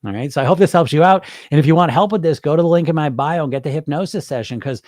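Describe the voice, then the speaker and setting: A man's voice: fairly high pitch, fast, a little mellow, no room sound, studio quality. A man hosting a live stream as a hypnotherapist, chatting casually with viewers and swearing freely. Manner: informal and chatty, with frequent swearing and laughs.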